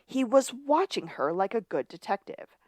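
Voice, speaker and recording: A woman's voice: fairly high pitch, very animated, moderate pace, darkish tone, dry recording. A woman co-hosting a podcast, narrating an episode recap in casual chat. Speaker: podcast co-host.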